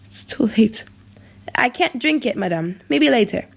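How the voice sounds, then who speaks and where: A woman's voice: a little high, lively intonation, measured pace, creaky, breathy edge, full character voice. A woman reading the lines of a bitter young prince in an audiobook drama, wry and cutting.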